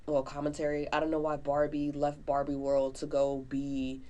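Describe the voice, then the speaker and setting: A woman co-hosting a podcast, reviewing a movie in casual, animated chat full of slang. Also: sits low, moderate pace, highs cut off. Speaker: podcast co-host.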